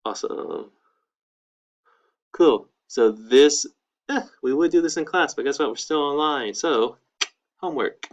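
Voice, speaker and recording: A man's voice: fairly high pitch, measured pace, long pauses. A man, teaching an online language lesson in a casual, upbeat way. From United States. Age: 20s. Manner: casual, upbeat, peppered with "all right, cool". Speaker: Spanish teacher.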